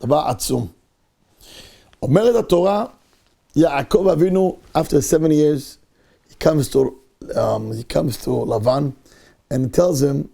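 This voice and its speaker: Rabbi teaching a Torah class, high gravelly voice, animated, drops low to quote verses. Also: male voice, fairly quick, long pauses. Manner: animated, acts out the figures' words with mixed Hebrew phrases. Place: synagogue.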